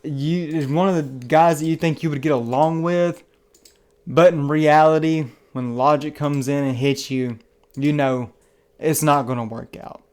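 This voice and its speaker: A man's voice: fairly high pitch, fairly even intonation, unhurried, a little mellow, smooth. A man from the American South with a Southern accent, giving a casual spoken movie review in an earnest, enthusiastic, rambling way that often restarts its phrases. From Southern United States. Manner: rambling and chatty, restarts phrases, many fillers. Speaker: film reviewer.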